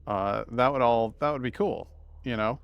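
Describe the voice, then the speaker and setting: Upstate New York male streamer, rambling, self-deprecating, mid-pitched casual talk. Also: moderate pace, gravelly, clear, resonant tone, dull audio. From Massachusetts. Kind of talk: casual live-stream gaming chat.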